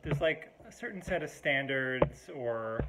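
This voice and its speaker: A man's voice: mid-range voice, expressive, unhurried, background noise. A man in a casual, rambling to-camera monologue at home, full of fillers and restarts, mildly exasperated. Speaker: vlogger.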